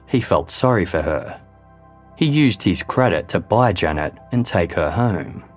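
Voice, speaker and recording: A man reading a scripted true-crime narration in a measured, grave way. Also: low voice. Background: faint background music.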